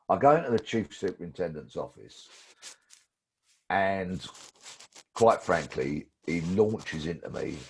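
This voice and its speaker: Husky, low-voiced man in his sixties. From London. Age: 60s. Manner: lively anecdotal storytelling. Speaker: guest, former police detective. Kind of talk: storytelling interview.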